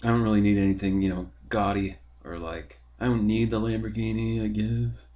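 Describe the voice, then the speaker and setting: A man's voice: fairly low pitch, level tone, brisk, mellow, muffled recording. A young man, talking in a rambling, profane, casual monologue full of fillers as a podcast host.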